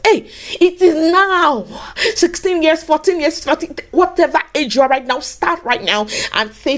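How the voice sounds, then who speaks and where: A woman preaching a sermon in an animated way, swinging from soft asides to high cries and acting out the voices in her stories. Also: normal speed. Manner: acts out quoted voices in her teaching.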